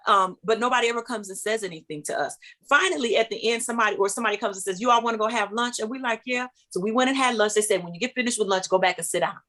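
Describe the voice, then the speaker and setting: A middle-aged woman, a singer, telling a long story in an interview and acting out the voices of the people in it with big jumps in pitch. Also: fairly bright tone. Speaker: guest, singer.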